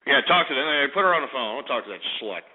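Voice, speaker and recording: A man's voice: medium pitch, expressive, rapid-fire. A man hosting a call-in radio show, ranting with profanity and insults at callers. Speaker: radio talk show host. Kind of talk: call-in talk radio rant. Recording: tinny phone-like radio archive.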